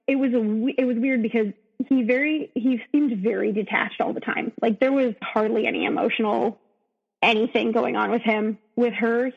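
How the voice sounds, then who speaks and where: A woman's voice: on the high side, creaky. Emotional woman telling her story, muffled. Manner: emotional, with many fillers and restarts. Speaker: podcast guest. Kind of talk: personal storytelling.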